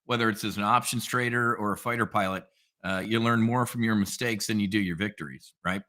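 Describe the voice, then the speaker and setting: A man, a guest on a trading podcast, telling stories in a casual, energetic way with plenty of slang. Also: on the low side, brisk. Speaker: podcast guest, options trader.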